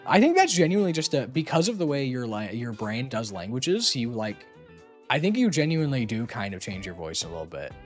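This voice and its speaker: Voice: medium pitch, sing-song, a little fast, soft background music. A streamer chatting casually on a call, rambling and teasing playfully with lots of filler words.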